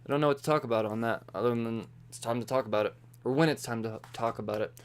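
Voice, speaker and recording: A young man talks through a casual solo podcast with a smooth, clear voice that sits at an ordinary middle pitch. He rambles loosely and swears freely, slipping into offhand voices for the characters. He sounds a little loosened up by beer. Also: fast. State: tipsy from beer. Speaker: podcast host reviewing comics.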